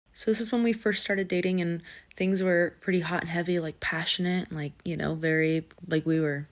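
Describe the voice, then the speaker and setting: A woman telling a personal story in a candid, rambling way, full of fillers and laughs. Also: on the low side. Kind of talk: storytime monologue.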